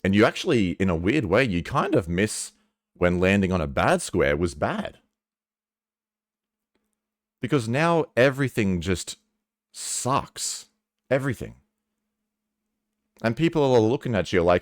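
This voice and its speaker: A man's voice: lowish voice, very animated, measured pace, long pauses, no room sound, studio quality. A man talking earnestly and casually to camera about a personal topic, swearing now and then. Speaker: vlogger. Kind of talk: candid personal talk to camera.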